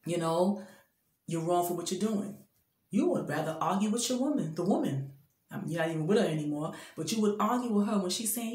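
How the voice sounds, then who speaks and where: A woman's voice: medium pitch, brisk, darkish tone. Preachy fifties woman, echoey room. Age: 50s. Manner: preachy, emphatic, addresses men directly. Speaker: vlogger giving faith-based advice. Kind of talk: impassioned spoken exhortation.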